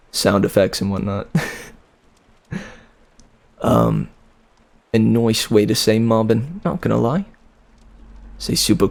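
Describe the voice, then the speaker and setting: Slow, gravelly-voiced man chatting on stream. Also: on the low side, darkish tone. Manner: easygoing, laughs often, repeats words. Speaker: streamer reading a novel aloud. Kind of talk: casual chat with live chat.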